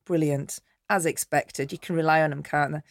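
A woman's voice: low-pitched, steady tone, normal speed, dry recording, studio quality. A woman with a Yorkshire accent, a podcast guest telling chatty, self-mocking stories. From Yorkshire, England. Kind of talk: casual interview chat.

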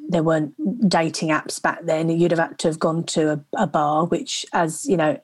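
A woman from England, an actress and comedian telling her story as a podcast guest, halting and repeating herself. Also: low voice, fairly even intonation, a little mellow, dry recording. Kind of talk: casual interview chat.

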